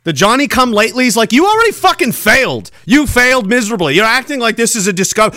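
Angry high-voiced man ranting. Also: sing-song, quick pace, few pauses, sharp tone, dry recording, studio quality. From Canada. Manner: angry, profane, sarcastic ranting. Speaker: podcast host. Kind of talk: ranting solo podcast.

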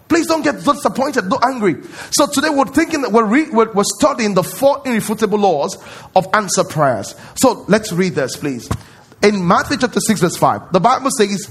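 A man's voice: high voice, animated, a little fast, slightly rough. A man preaching a sermon as pastor at a church service, emphatic and repetitive, often quizzing his congregation.

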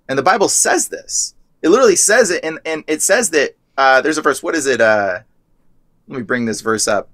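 A young man with a somewhat high voice talks loosely and rambles, packing in "like" between thoughts. The sound is dry and close, with no room around it. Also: lively intonation, fairly quick, a bit bright, no room sound. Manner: rambling, heavy use of "like". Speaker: guest. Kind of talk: casual testimony chat.

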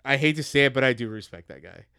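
A man's voice: medium pitch, animated, quick pace, creaky, sharp tone, clear, resonant tone, dry recording. A young American man co-hosting a podcast, ranting heatedly and swearing constantly. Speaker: podcast co-host. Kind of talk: casual profane rant.

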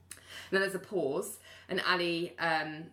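A woman's voice: lowish voice, fairly even intonation, slow pace, fairly bright tone. A woman casually recapping a TV episode, acting out the characters' lines and laughing along. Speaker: podcast host recapping a TV episode. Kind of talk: casual chat.

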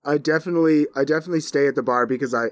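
A man's voice: a little high, racing, no echo. A man playing a tabletop game, casually describing his character's actions. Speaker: player.

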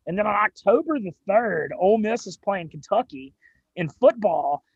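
Southern drawl guy, young, high husky gravelly voice, excited storyteller, dry dull-ish audio. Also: no echo. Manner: excited, fast storytelling with cursing. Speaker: sports radio and gambling show host, guest. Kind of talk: casual storytelling interview.

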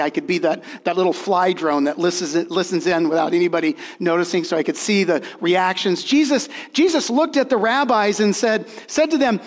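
A man's voice: sits high, long reverb tail. A man preaching a sermon as pastor, earnest and emphatic, repeating key phrases and restarting his sentences.

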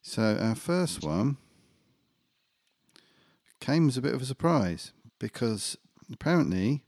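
A man's voice: medium pitch, takes it slowly, dry recording, studio quality. A man co-hosting a podcast, chatting casually in an easygoing way. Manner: easygoing, relaxed, says "mate". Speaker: podcast co-host. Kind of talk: casual chat.

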